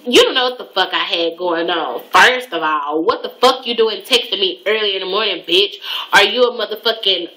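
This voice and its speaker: Bright-voiced woman ranting through a story. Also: medium pitch, rough recording. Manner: profane, animated storytelling with mocking quoted voices. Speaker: hair vlogger. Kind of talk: casual storytelling vlog.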